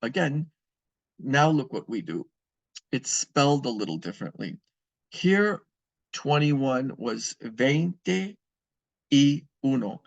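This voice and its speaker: In a recorded classroom lesson, a Spanish teacher takes beginners through the language, patiently repeating and spelling out words for his students. His voice is medium-pitched and gravelly, in a dry recording.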